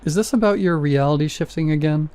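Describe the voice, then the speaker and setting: A man voicing a calm husband in a spoken horror story, soft and reassuring. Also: a little high, fast talker, close to an everyday voice. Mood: gentle concern. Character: worried husband, gentle and soothing.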